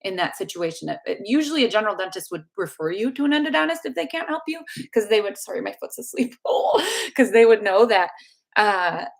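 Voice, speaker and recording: A woman's voice: medium pitch, sing-song, a little fast, creaky. A woman chats through a live question-and-answer stream about teeth. Her delivery is bubbly and loose, full of little asides. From United States. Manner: chatty and bubbly, with frequent laughs and fillers. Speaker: dental YouTuber answering viewer questions. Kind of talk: live Q&A chat.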